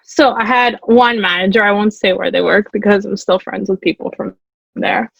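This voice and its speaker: A woman's voice: mid-range voice, fairly even intonation, moderate pace, creaky, husky, no echo. A woman from Canada co-hosting a podcast, telling stories in casual chat and laughing often as she goes. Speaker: podcast co-host. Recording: slightly dull lo-fi mic.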